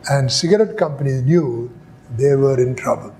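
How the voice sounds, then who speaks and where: A man's voice: medium pitch, a little mellow, slight background noise. An older man from India, giving a classroom lecture as an epidemiology lecturer, telling stories and asking rhetorical questions. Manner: slow, storytelling, acts out dialogue with rhetorical questions.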